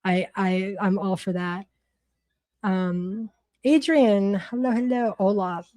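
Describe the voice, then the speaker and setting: A woman's voice: mid-range voice, fairly even intonation, slow, warm tone, dry recording. A woman from Massachusetts with a Boston accent, chatting bluntly and profanely on a livestream, rambling with lots of restarts. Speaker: livestream host. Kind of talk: casual livestream chat.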